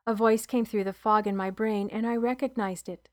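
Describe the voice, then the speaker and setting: A woman reading her own novel aloud as a podcast author and narrator, in a soft, subdued way. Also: a little high, steady tone, normal speed, no echo, clean studio sound.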